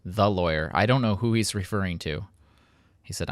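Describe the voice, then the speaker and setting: A man's voice: sits low, normal speed, clean tone, dry recording, clean studio sound. A man hosting a casual gameplay commentary, rambling and poking fun at himself. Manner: rambling, self-mocking, playful. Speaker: let's play host.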